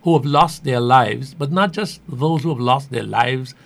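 A man's voice: mid-range voice, unhurried, vocal fry, fairly bright tone. Earnest male host. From Guyana. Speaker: radio host. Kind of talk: interview.

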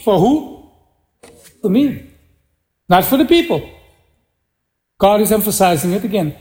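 A man delivers a sermon in a strikingly high voice, taking his time over each phrase. He tells the story with lively back-and-forth, acting out what the characters say. The sound rings around a roomy hall. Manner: animated storytelling, voicing biblical figures in dialogue. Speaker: preacher.

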